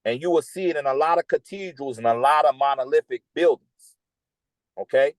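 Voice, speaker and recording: Talking briskly, a host with a medium-pitched voice relates a personal story in a loose, lively style full of slang, often asking "okay?" The audio is close-miked and dry, without echo.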